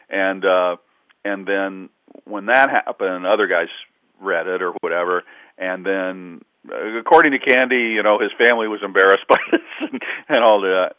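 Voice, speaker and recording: Over a tinny, dry phone connection with no room sound, a man with a voice on the low side rambles through anecdotes as a sportswriter guest. The interview is casual, and he chuckles a lot and fills gaps with plenty of fillers.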